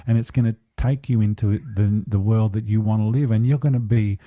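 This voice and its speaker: A man's voice: lowish voice, steady tone, fairly quick, no room sound, narrow, tinny audio. A man speaking as an empowerment coach in a podcast interview, earnest and reflective, taking his time over his thoughts.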